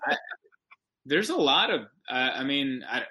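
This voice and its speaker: A man, a stand-up comedian, telling rambling, animated anecdotes as a guest on a podcast. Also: mid-range voice, a little slow, poor audio. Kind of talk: casual podcast storytelling.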